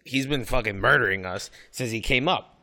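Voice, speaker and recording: A man's voice: mid-range voice, brisk, sharp tone. A man in casual sports chat, blunt and heated, swearing freely as a fan.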